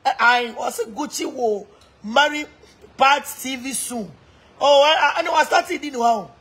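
Husky Ghanaian woman, taunting rant. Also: sits high, unhurried, a bit bright. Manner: laughing, taunting, switching between Twi and English. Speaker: social media personality. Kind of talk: mocking live-stream rant.

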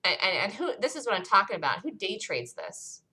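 A woman coaching a room of day traders through a chart, her voice bright and forward. She talks emphatically, hammers the same point several times, and keeps asking the room if anyone has questions. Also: medium pitch, sing-song, brisk, a little hiss or hum, poor audio. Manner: emphatic and repetitive, asks listeners questions. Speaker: trading room leader. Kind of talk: live stock chart review.

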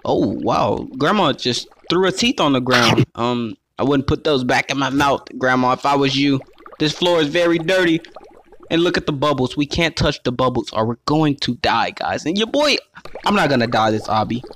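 A man giving playful let's play commentary, excitable and talking straight to his viewers as he plays. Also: mid-range voice, slight background noise. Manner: excitable, calls himself "your boy", keeps addressing viewers as guys. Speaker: gaming YouTuber.

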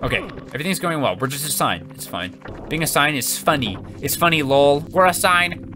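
Frantic, lively male gameplay host. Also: fairly high pitch, normal speed. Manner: frantic, yelling at the game. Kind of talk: gameplay commentary. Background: game music.

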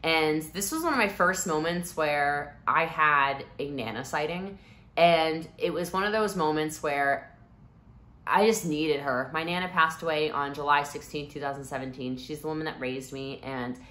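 A woman in her thirties telling a personal story to the camera in an animated, expressive way, swinging from hushed to loud. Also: sits low, measured pace. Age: 30s. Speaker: vlogger.

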